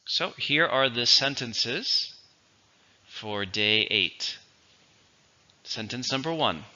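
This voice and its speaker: A man teaching English vocabulary, speaking slowly and deliberately and repeating each word for pronunciation. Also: medium pitch, expressive, bright, forceful tone, highs cut off. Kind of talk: vocabulary lesson with dictation.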